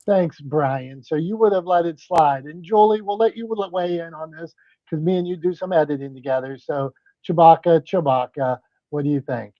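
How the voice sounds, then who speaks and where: A man with a regional American accent hosting a casual podcast chat, playful and excitable, often restarting his sentences. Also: on the high side, normal speed, dry recording. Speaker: host. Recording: slightly dull lo-fi sound.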